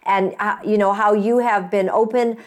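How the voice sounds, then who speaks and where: A woman's voice: mid-range voice, steady tone, normal speed. A woman hosting an interview, speaking gratefully and effusively, with many fillers and restarts. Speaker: host, interviewer. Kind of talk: casual interview talk.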